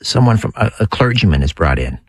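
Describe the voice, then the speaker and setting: A man's voice: lowish voice, sing-song, a little fast, a little mellow. A man hosting an interview, giving short reactions and asking curious follow-up questions. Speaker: podcast host.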